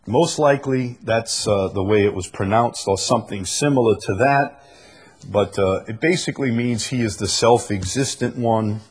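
A man's voice: mid-range voice, moderate pace, a little mellow, breathy edge. A man leading a Bible study, explaining patiently and reading passages aloud with frequent fillers. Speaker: Bible teacher.

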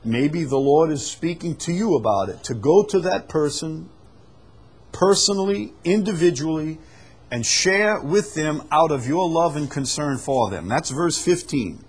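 A man's voice: a little high, animated, measured pace, slightly rough. A male pastor preaching a sermon, earnest, repeating words as he explains scripture. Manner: earnest, repeats words, acts out quoted apologies.

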